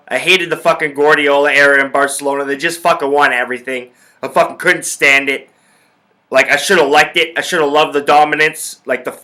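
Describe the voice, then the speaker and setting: A man's voice: a little high, bright, forceful tone. A young man hosting a sports podcast, ranting about football in a profane, fired-up way. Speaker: podcast host. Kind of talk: casual sports talk.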